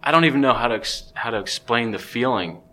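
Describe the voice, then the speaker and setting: A man, a podcast guest, telling a story in a casual, excitable way with many restarts. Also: mid-range voice, fast talker, slight background noise.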